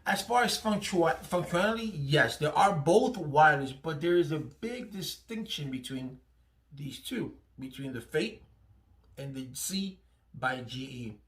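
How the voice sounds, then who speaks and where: A man hosts his own channel and talks casually through a product review, stopping often to check in with "right?" and starting his sentences over. His voice sits somewhat high for a man. The room around him has a noticeable echo. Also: very animated, unhurried, pauses often. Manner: chatty, repeats "right?" often, restarts phrases. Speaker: channel host. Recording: echoey room.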